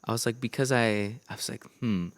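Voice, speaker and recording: A young man from Minnesota, a podcast guest, telling earnest, lively faith stories in casual chat and acting out the voices of the people in them. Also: lowish voice, fairly quick. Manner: lively, acts out voices in his anecdotes, earnest. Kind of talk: animated storytelling in casual chat.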